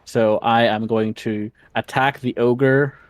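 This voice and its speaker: A man's voice: mid-range voice, fairly even intonation, slow pace, smooth, dry recording. A man playing a tabletop game, talking casually with giggles and frequent swearing. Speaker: player.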